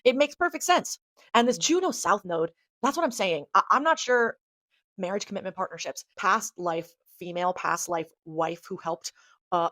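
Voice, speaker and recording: A woman astrologer giving a rambling, excitable chart reading in a casual monologue, swearing freely. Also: on the low side, no room sound.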